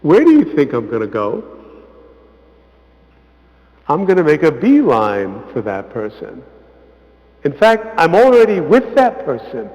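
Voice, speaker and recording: A man, a visiting priest, giving an informal parish talk, conversational and often asking "right?", acting out quotes with lively emphasis. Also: a little high, unhurried, long pauses. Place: church hall. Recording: echoey church hall, muffled sound.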